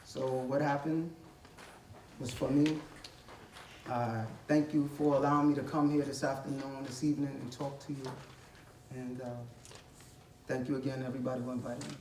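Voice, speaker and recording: A man giving a motivational talk as a guest speaker, telling a story in a lively, conversational way with casual slang. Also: mid-range voice, brisk, pauses often, slight background noise. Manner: animated, conversational, uses street slang. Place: college library event room. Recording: echoey hall from far off.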